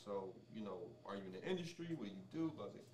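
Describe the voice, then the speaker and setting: A sommelier, a man with a fairly low voice, talks through his subject as a guest in a casual interview, relaxed and explanatory but often pausing with ums and restarting sentences. He sits a little back from a distant mic in a roomy, echoing space with faint background noise.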